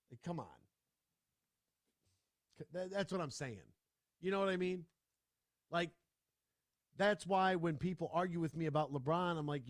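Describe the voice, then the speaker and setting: An animated male sports radio host ranting in casual talk, his voice sitting a little higher than most men's. The studio sound is dry and close. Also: normal speed, long pauses, no echo. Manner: animated, ranting, full of restarts.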